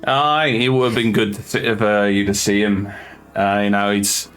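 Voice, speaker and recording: A man voicing a gruff, blunt older male sailor, an old family friend lamed by a badly healed leg wound. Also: lowish voice, level tone, normal speed, a bit bright, faint music behind, close to an everyday voice. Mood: rueful. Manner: blunt, salty sailor talk.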